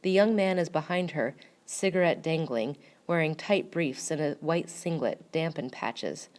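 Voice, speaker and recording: A woman reading a first-person story aloud in a measured, wry way. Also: low-pitched, a little mellow. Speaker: narrator.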